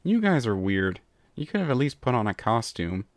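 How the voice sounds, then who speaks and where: A man's voice: medium pitch, sing-song, moderate pace, no echo, natural voice. A man reading a pony story aloud and voicing a smug male villain showing off a homemade costume. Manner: smug and self-satisfied.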